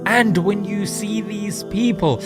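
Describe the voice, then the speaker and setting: A man's voice: high-pitched, slow, music in the background. A man preaching emphatically in a played clip, asking rhetorical questions. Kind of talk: sermon.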